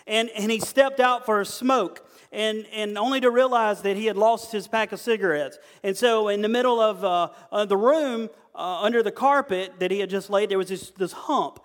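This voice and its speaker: A man with a high-pitched voice preaches to a group, telling funny stories in a folksy way and acting out the voices of the people in them. He talks at normal speed with hardly any pauses, and long hall reverb surrounds him.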